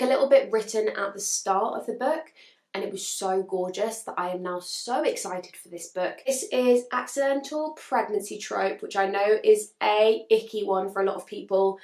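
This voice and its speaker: A woman chatting to camera about books she wants to read, gushing and hedging, a little hoarse as she is losing her voice. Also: mid-range voice, reverberant. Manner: chatty and gushing, with frequent hedges. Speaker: book vlogger. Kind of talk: casual chat to camera.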